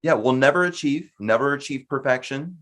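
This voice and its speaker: A man's voice: mid-range voice, fairly quick, fairly bright tone. A man hosting a podcast, chatting casually and enthusiastically backing up his guest. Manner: enthusiastic, affirming. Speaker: podcast host.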